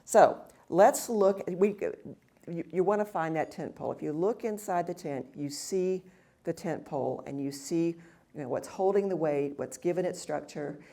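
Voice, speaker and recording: A woman's voice: fairly low pitch, normal speed, creaky, mellow. A woman teaching a Bible study session at a women's retreat, reading verses aloud and then explaining them with frequent fillers and restarts.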